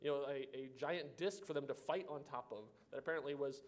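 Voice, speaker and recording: Fast-talking man trading movie trivia. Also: on the high side. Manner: rambling, self-deprecating, trivia-sharing. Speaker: podcast co-host. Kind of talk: casual chat.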